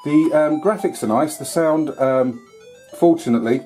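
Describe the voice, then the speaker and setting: A retro gaming YouTuber plays an old computer game and rambles casually, dropping filler words and the odd mild curse. His mellow voice sits on the high side and moves at a normal speed, with soft music playing behind him.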